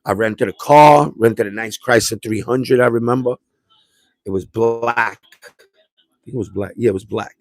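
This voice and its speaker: Dry, streetwise Puerto Rican-born storyteller. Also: male voice, medium pitch, measured pace, no echo. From Puerto Rico. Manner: rambling, streetwise, with restarts and slang. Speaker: livestream host. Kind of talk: casual livestream storytelling.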